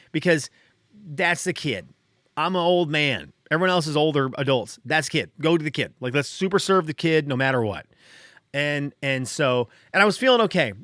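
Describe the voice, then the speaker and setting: A man's voice: fairly high pitch, a bit bright, no echo, studio quality. A middle-aged man hosting his own podcast, telling a personal story in a casual, rambling way, still shaken and a little dazed. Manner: rambling, restarting, heavy on "like". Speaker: podcast host.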